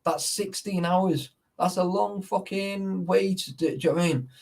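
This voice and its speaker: A man's voice: sits high, moderate pace, gravelly, darkish tone, recorded from a distance. A man in casual chat, rambling and swearing, forever checking that the listener follows. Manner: sweary, rambling, keeps asking "you know what I mean".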